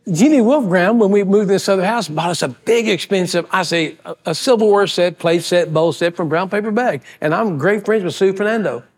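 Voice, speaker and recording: A pastor delivers a storytelling sermon in a folksy, animated way. His voice sits a little high for a man. He acts out the other people in his stories as he goes. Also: normal speed.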